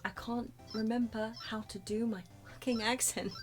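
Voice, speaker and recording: A woman streaming a game in casual chat. Her voice is very high and quick. She mocks herself in rapid asides between lines. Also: steady tone, faint music behind. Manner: self-mocking, quick asides.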